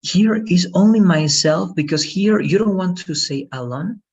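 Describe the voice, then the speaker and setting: Patient guy teaching english grammar, keeps checking okay?, husky, muffled call sound. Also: high-pitched, a little mellow. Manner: patient, explains slowly with frequent "okay?" checks. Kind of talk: one-on-one grammar lesson.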